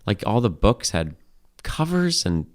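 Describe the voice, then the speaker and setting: Low, smooth-voiced podcast co-host. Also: male voice, very animated, unhurried. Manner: rambling, swears freely, lots of "like". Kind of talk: casual chat.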